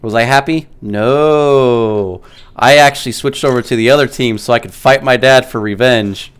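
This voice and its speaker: A gaming streamer telling casual, animated stories to his chat, with many "like" fillers. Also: medium pitch, brisk, clean tone. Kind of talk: casual storytelling while streaming.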